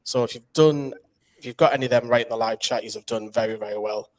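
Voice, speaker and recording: A man's voice: medium pitch, steady tone, fast, darkish tone. A man with a Geordie accent hosting a casual live quiz, chatty and explaining the rules at length. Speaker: quiz host.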